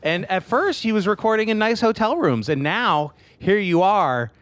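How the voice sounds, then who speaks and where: A man's voice: sits high, lively intonation, normal speed, fairly bright tone, no room sound. A man working as a producer who banters in a dry, teasing way. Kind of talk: casual chat.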